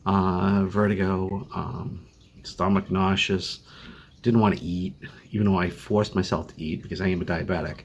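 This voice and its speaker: Speaking low and flat at a normal speed, this older Boston-accented man rambles wearily through a casual home video update, stumbling over fillers and restarts. He's a vlogger with chronic illness filming on a phone used as a webcam, and the audio has its highs cut off plus a little hiss or hum.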